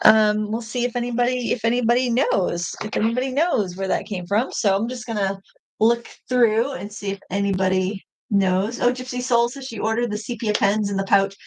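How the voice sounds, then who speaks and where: A woman's voice: fairly high pitch, moderate pace. A middle-aged woman hosting a casual art live stream, rambling and correcting herself as she talks about her paintings. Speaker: art channel host.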